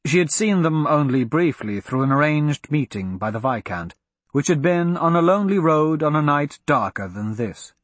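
A man reading a story aloud as narrator, with an expressive, varied delivery. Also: on the high side, normal speed, no room sound. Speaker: audiobook narrator.

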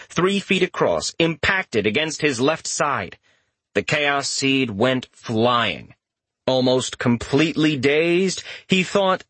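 A man reading a fantasy novel aloud as an audiobook narrator, in a steady, measured storytelling manner. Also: mid-range voice, no echo.

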